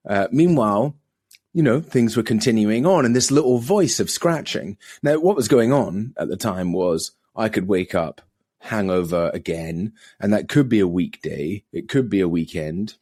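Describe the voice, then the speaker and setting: Give me a middle-aged man with a low voice telling his story, acting out quoted lines, in a dry recording. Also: lively intonation, normal speed, a little mellow, no room sound. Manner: acts out quoted voices with big pitch jumps. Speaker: podcast guest. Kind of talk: conversational storytelling.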